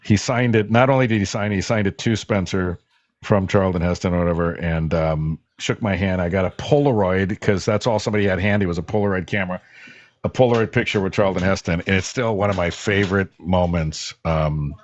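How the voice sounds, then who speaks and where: A man's voice: deep voice, brisk, highs cut off. A man, a former radio host, telling long rambling anecdotes with many fillers as a guest on a call-in show. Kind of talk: casual storytelling in a call-in show.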